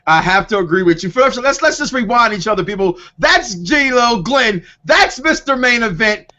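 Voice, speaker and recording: A man co-hosting a wrestling podcast, talking in an excited, animated way and often repeating himself. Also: sits high, normal speed. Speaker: podcast co-host. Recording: dull lo-fi call audio.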